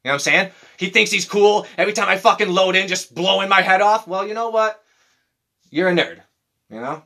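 A man with a bright, ringing voice that sits a little high, swearing freely as he tells his stories. He slips into mocking voices to act out the people in them, and he keeps the talk loose and lively. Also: a little fast, gravelly. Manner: profane, animated storytelling with mocking voices. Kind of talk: casual chat.

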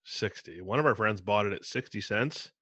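Man, podcast co-host, bright and exasperated, dry close sound. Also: lowish voice, moderate pace, slightly rough, no room sound. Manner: animated ranting, exasperated. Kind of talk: casual chat.

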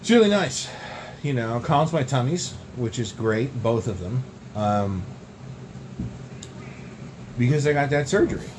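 A young man co-hosting a podcast, telling absurd tall tales in a deadpan, rambling way. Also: medium pitch, unhurried, pauses often, slight background noise. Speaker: podcast co-host. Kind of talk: absurd comedic banter.

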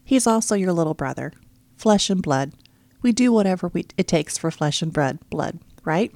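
A woman's voice: on the low side, expressive, moderate pace, darkish tone, no echo. A woman voicing a firm, protective middle-aged father in an audiobook, speaking in coaxing and stern turns. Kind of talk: audiobook character reading.

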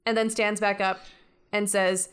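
A woman's voice: medium pitch, flat delivery, a little slow, smooth. Hesitant woman narrating her character. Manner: hesitant, full of ums and likes. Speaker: player. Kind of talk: narrating her character's actions in a tabletop game.

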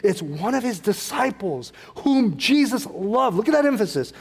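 A man's voice: high voice, very animated, moderate pace, gravelly, breathy edge, in a large hall. A middle-aged man preaching a sermon in a casual, conversational way, acting out quotes and adding asides. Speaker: pastor.

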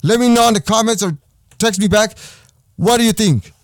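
A young man with a high-pitched voice hosts a podcast, ranting in a heated, profane, repetitive way. His voice sits dry and close with no room echo. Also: normal speed. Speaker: podcast host. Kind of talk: angry personal rant.

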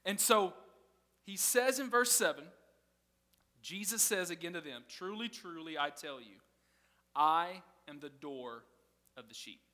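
A man's voice: fairly high pitch, animated, a little slow, long pauses, pushed and bright, big-room sound. A man preaching a sermon in a casual, conversational way, often laughing as he teaches. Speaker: pastor.

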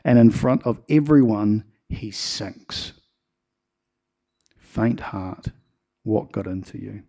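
A man preaching a sermon and telling stories with acted-out quotes. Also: medium pitch. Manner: animated storytelling with acted-out quotes. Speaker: pastor.

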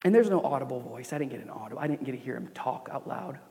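A young man preaching a sermon as pastor, earnest, moving between emphatic preaching and quiet, confiding storytelling. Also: mid-range voice, animated, racing. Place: church sanctuary. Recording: long reverb of a church hall.

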